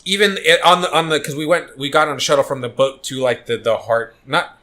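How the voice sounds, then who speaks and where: A man's voice: on the high side, a little fast, bright, forceful tone. A man telling a story in casual podcast chat, rambling with many fillers and restarts. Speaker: podcast co-host.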